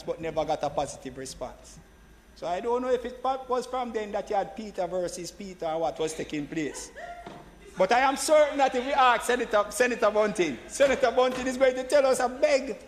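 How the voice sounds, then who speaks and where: A man speaks in a notably high register, pressing his points in a parliamentary debate. He repeats his phrases for emphasis and keeps turning back to the chair. His voice carries a long reverb from the senate chamber. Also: a little hiss or hum. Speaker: government senator.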